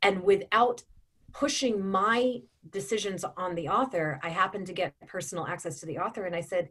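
Woman, 40s, audiobook narrator, chatty interview talk, frequent fillers, mid pitch. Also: animated, a little fast, a bit bright, slightly rough. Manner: chatty, frequent ums and restarts. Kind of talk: casual interview chat.

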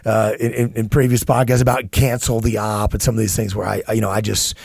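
A man's voice: on the low side, little pitch movement, fairly quick, gravelly, darkish tone, breathy edge, dry recording, studio quality. A man in his thirties co-hosting a podcast, talking earnestly in casual conversation, often restarting and repeating words. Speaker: podcast co-host.

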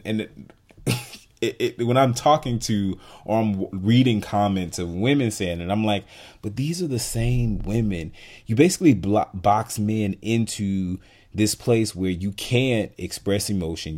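A man with a fairly low voice holds forth in a casual podcast conversation. He talks in an animated, emphatic way, with his pitch jumping up as he makes a point. His speech is full of "like" and "you know what I'm saying". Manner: animated, emphatic, heavy use of "like" fillers. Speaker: podcast co-host.

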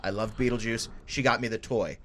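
A man co-hosting a podcast, telling a rambling, relaxed story with casual swearing. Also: fairly low pitch, a little fast, slight background noise. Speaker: podcast co-host.

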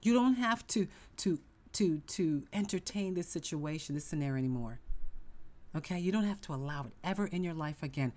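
A woman's voice: low-pitched, lively intonation, fairly quick, a little mellow. A middle-aged woman hosting a motivational self-help podcast, speaking emphatically with lots of repetition and sudden whispered asides. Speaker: podcast host.

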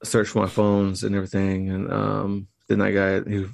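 A man with a low, gravelly voice tells a story casually as a podcast guest. He retells events in a halting, meandering way. The sound is dry and close. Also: completely flat delivery, no room sound.

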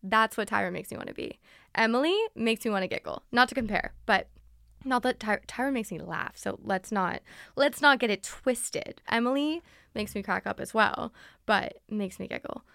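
Bubbly young woman with vocal fry. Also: medium pitch, normal speed, fairly bright tone, no room sound, studio quality. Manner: chatty, bubbly, answers listener questions. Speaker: podcast host. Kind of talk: casual solo podcast chat. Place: recording studio. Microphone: studio microphone.

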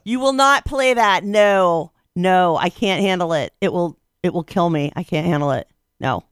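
A female radio co-host bantering on air, firing back quick, mock-indignant comebacks. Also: on the low side, animated, clear, resonant tone, dry recording, studio quality.

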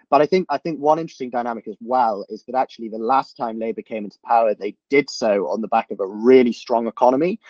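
A man's voice: on the low side, darkish tone, dry recording, highs cut off. A man in a political discussion, who talks thoughtfully and repeats words as he works out his points. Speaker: guest commentator.

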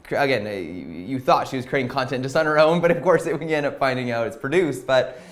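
A man with a mid-range voice hosts a podcast in a relaxed, casual way. He sounds friendly and often chimes in to agree. His speech is plain and conversational. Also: medium pitch, fast. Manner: friendly, frequent affirmations. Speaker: podcast host.

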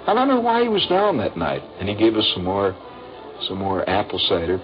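A man's voice: on the low side, brisk, vocal fry. Older man telling a war story. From Indiana. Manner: animated, acts out voices in a story. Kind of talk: radio storytelling. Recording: dull lo-fi radio with faint music.

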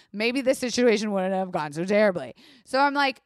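Woman podcast host spilling a crazy story, swears a lot, says like constantly, mid-pitch voice, dry close sound. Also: fairly quick, no room sound. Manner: candid and profane, lots of "like"; animated, acts out her own panic. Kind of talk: casual comedic storytelling.

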